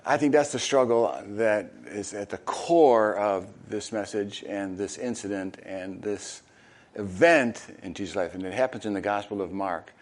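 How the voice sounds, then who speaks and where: An older man, a retired pastor, preaching a conversational sermon with halting fillers and bursts of animated storytelling. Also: deep voice. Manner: conversational, halting with fillers, animated when acting out crowd reactions.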